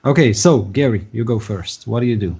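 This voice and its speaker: A man's voice: medium pitch, a little fast, breathy edge. A man running a tabletop game as game master, talking with many fillers and restarts. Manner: hesitant, many fillers, puts on shouting voices for figures. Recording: dull lo-fi voice chat audio.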